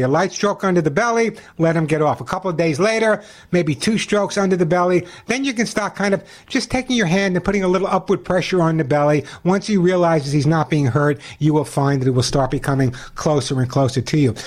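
A talkative man hosts a call-in radio show about pets, his voice sitting fairly high. He explains things in a quick, chatty flow, with frequent restarts and repeats. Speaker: radio pet show host.

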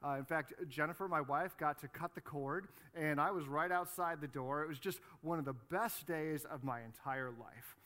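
A man's voice: a little high, moderate pace, few pauses, pushed and bright. A man in his forties, a pastor delivering a sermon, telling a story in a conversational way with frequent "you know" and "right". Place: church sanctuary.

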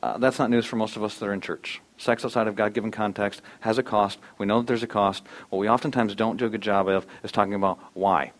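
A man in his thirties preaching to a church congregation. He is earnest, sinks to quiet, low lines, then lifts into loud, animated emphasis. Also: quick pace, few pauses. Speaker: pastor. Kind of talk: sermon.

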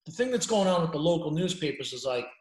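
A man's voice: a little high, sing-song, fast, reverberant, rough recording. A middle-aged man, a journalist talking bluntly on a casual podcast interview, often restarting his sentences. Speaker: journalist guest.

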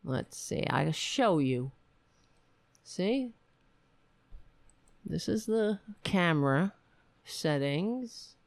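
A woman's voice: medium pitch, vocal fry, a little mellow, dry recording. A woman hosting a podcast, talking in a blunt, profane, rambling way in casual commentary. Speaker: podcast host. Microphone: webcam setup.

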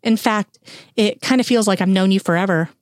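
A woman's voice: mid-range voice, fairly quick, no echo, studio quality, close to an everyday voice. A woman reading an audiobook, voicing a bubbly, ditzy young college woman with gushing valley-girl chatter. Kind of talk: audiobook character voice.

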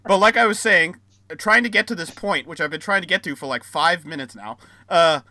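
A man's voice: high-pitched, fairly quick, sharp tone. An American man in a casual podcast debate, rambling with lots of fillers and restarts. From United States. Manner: rambling, repeats himself, hesitant fillers.

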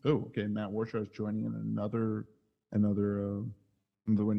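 A man hosting a casual podcast chat over a video call, telling an excitable story. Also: on the low side, brisk, vocal fry. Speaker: podcast host.

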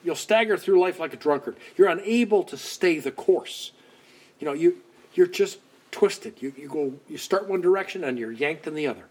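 A man preaching a conversational sermon, acting out quoted voices and dropping to soft asides. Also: on the high side, expressive, normal speed. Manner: conversational, dramatic swings between loud outbursts and soft asides.

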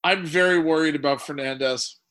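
A man with a fairly high, bright, forceful voice trades blunt, wry football opinions on a casual podcast. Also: fairly quick, clean tone. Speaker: podcast co-host. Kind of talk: casual sports chat.

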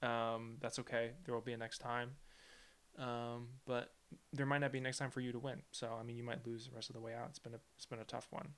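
A man's voice: medium pitch, level tone, a little fast. A man co-hosting a casual film podcast, joking and laughing often with his co-host.

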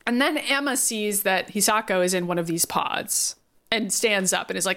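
A woman co-hosting a podcast, recapping an episode in casual chat and acting out the characters' lines with quick impressions and frequent laughs. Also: mid-range voice, expressive, fairly bright tone. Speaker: podcast co-host.

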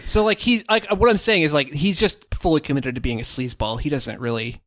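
A man's voice: on the high side, brisk, a bit bright, no echo. A man co-hosting a podcast, talking loosely with lots of fillers and profanity and laughing easily. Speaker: podcast co-host. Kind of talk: casual chat.

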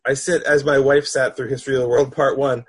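Man, husky voice, frank measured talker, casual podcast chat. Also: medium pitch, little pitch movement. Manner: measured, frank, laughs easily. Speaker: panel guest.

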